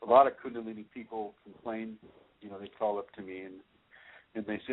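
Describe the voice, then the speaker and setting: A man hosting a radio call-in show, giving spiritual advice in a slow, reassuring way with many repeated words and restarts. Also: lowish voice, steady tone. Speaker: spiritual teacher, radio host. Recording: tinny phone line.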